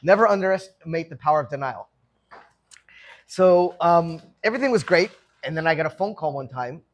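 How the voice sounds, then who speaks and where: A middle-aged man telling stories from his own past in a casual, animated way, often laughing as he talks. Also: a little high, fairly quick. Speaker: guest speaker telling his life story. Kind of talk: casual storytelling talk.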